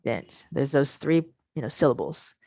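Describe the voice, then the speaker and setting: Low-voiced woman sounding out words slowly. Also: expressive, gravelly, warm tone, no echo. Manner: patient, explanatory, sounds out word parts slowly. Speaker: workshop presenter. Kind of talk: online teacher workshop. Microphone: video call.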